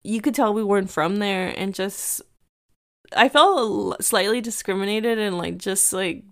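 With a mid-range, fairly bright voice, this American podcast host in her thirties tells stories in a chatty, casual way. She talks in quick bursts, laughs often, and slips Spanish phrases into her speech.

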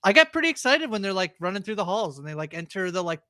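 Man, podcast co-host, bright tone, halting and full of fillers. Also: high voice, big pitch swings, dry recording, clean studio sound. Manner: rambling, halting, many fillers. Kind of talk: casual chat.

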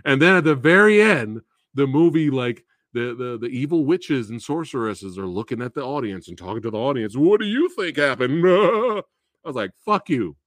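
A man's voice: mid-range voice, normal speed, no echo. A man hosting a live movie Q&A, ranting casually with frequent swearing and laughter. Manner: animated, profane, laughs often, restarts.

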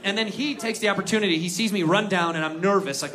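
A man's voice: sits high, fast. A man doing a stand-up comedy set, telling a story and slipping into mimicked voices. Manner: storytelling, mimics accents, animated. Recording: live club with crowd laughter and noise. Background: audience laughing.

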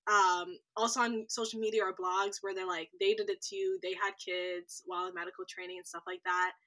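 Young woman guest in her 20s, easygoing and thoughtful, bright forceful voice. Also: medium pitch, little pitch movement, fairly quick. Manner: easygoing, thoughtful, with frequent laughs and fillers. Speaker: guest, medical trainee. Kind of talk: casual interview chat.

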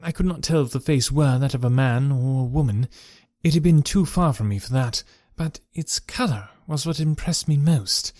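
A man giving a measured, dramatic first-person reading of a classic story. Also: medium pitch, warm tone, dry recording, studio quality. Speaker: narrator.

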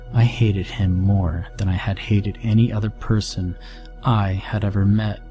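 A man with a low voice narrates a scary story in a steady, dramatic way. Music plays clearly under his narration throughout. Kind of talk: scripted horror narration.

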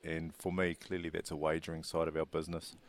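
A man, a racing industry chief executive giving measured, businesslike interview answers. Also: a bass voice, little pitch movement, a little hiss or hum.

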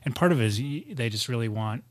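A man's voice: medium pitch, animated, fast talker, dry recording. A man from the United States, a guest on a studio podcast, telling stories in casual chat with lots of restarts. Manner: rambling storyteller with many restarts.

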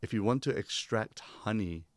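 A young man, a guest speaking calmly and teacherly about spiritual ideas. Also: lowish voice, normal speed, no echo. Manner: calm, teacherly, uses analogies. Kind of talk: reflective conversation.

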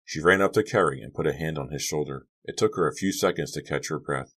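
Male audiobook narrator, very deep voice, steady and dramatic read. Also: fast talker. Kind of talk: scripted narration.

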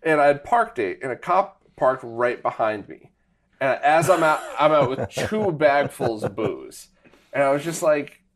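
A middle-aged man telling a story in casual conversation, animated and laughing often. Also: mid-range voice, unhurried.

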